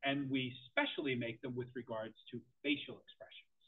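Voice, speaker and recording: A middle-aged man giving an interactive presentation to parents, animated and quizzing his audience. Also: medium pitch, normal speed. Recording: tinny phone-like audio.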